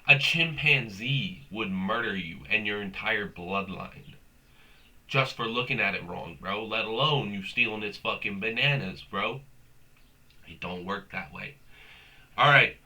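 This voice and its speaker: Sharp in tone and on the low side, this young male host's voice carries a rambling comedic rant. It's profane and slangy, with "bro" tossed in again and again.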